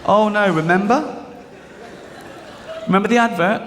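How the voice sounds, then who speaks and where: A comedian works a big live room, swinging from low muttered asides to sudden high, excited bursts. His voice sits a little high for a man. The sound carries a long reverb tail from the large venue, with the audience clearly audible behind him. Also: moderate pace, very noisy. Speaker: stand-up comedian. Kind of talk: stand-up routine.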